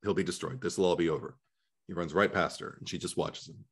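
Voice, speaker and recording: A man's voice: sits low, quick pace, husky. A man co-hosting a movie podcast, telling stories in a frank, chatty way and laughing often. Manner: frank, swears freely. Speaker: podcast co-host. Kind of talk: casual movie discussion.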